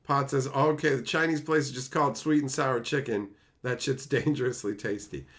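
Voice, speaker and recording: A man's voice: medium pitch, normal speed, a bit bright. A man streaming live, reading chat and ranting at it in profane, exasperated bursts.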